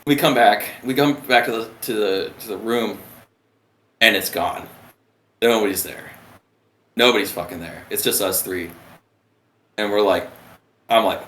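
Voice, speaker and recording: Profane, animated man telling stories. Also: fairly low pitch, unhurried, pauses often, slight background noise. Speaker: retired submariner guest. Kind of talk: casual storytelling. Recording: roomy echo.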